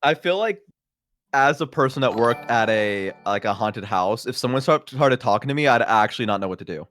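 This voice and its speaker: A man's voice: mid-range voice, lively intonation, fairly quick, fairly bright tone, no room sound. A man guest streamer in casual chat, rambling through stories and laughing often.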